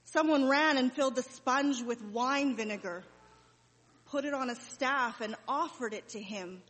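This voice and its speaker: A woman's voice: sits high, fairly bright tone. Mary, a grieving mother, as a woman plays her. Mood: sorrowful. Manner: slow, heavy pauses, emotional recollection. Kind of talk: dramatic monologue. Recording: reverberant hall.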